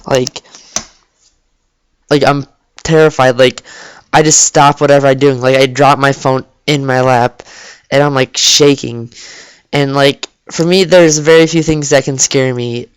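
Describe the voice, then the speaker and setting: A man's voice: mid-range voice, fairly even intonation, measured pace, long pauses, clean tone, no echo. A teenage boy telling a story in a rambling, casual way, full of restarts and "like", in his bedroom. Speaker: vlogger. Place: cold bedroom.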